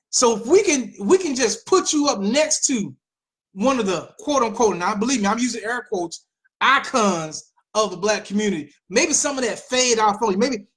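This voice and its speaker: Animated high-voiced woman hosting commentary. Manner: animated, mocking asides, repeats phrases. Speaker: host. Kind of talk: political commentary show.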